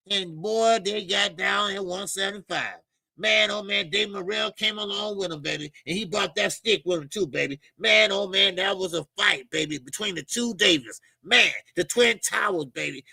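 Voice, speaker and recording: Male host with a high, raspy voice, emphatic slangy boxing rant, dry room. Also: moderate pace, bright, forceful tone, dry recording. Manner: emphatic, repetitive, slangy, calls listeners "baby". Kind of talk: animated boxing commentary rant.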